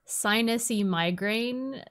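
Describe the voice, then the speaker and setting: A woman's voice: slow pace, a bit bright. Blunt, profane woman podcast co-host. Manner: blunt, profane, ranting with sudden high jumps. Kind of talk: casual chat.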